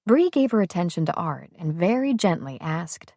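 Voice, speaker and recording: A woman narrating an audiobook in a calm, even storytelling manner. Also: fairly low pitch, normal speed, hardly any pauses, no echo, studio quality. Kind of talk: scripted narration.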